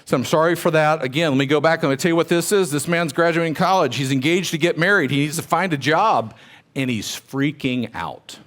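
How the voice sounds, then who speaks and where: A man's voice: on the high side, brisk, fairly bright tone. A middle-aged man speaking to a room of real estate agents, telling personal stories in a conversational, motivational way and asking the audience questions.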